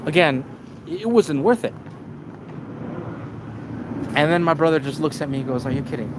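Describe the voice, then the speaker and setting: A man's voice: a little high, animated, unhurried. Rambling man over street noise. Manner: rambling, stumbling restarts and repeats. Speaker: live streamer. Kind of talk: casual storytelling to a live chat.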